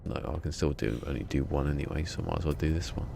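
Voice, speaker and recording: Deep-voiced male game streamer, gravelly tone, rambling casual commentary, faint hiss behind. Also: fast. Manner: rambling, chatty, muttering to himself.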